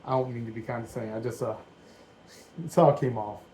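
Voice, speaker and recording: A man in his forties chats while he works through a toy build, thinking out loud in a loose, wandering way. His voice sits at an ordinary middle pitch, and he sounds unhurried and at ease. It feels like hobby commentary recorded in a dim room at home. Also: steady tone, a little hiss or hum, rough recording. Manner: rambling, thinking aloud, easygoing. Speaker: Lego building vlogger.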